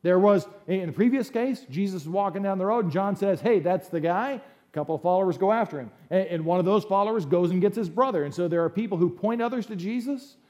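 A male pastor delivering a sermon with a fairly high, mellow voice. He talks in a loose, conversational way, with quick asides and emphatic lines between passages of scripture. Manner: animated, conversational, opinionated asides.

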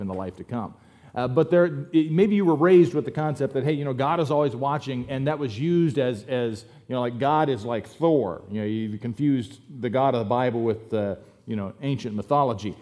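A man preaching a sermon as pastor in a church, telling jokes and making relaxed, self-deprecating asides. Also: medium pitch. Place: church sanctuary.

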